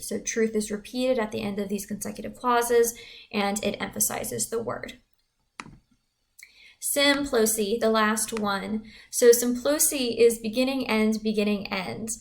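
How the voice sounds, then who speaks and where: A woman's voice: fairly high pitch, measured pace, gravelly. A young adult woman teacher explaining writing devices in a casual, conversational recorded lesson.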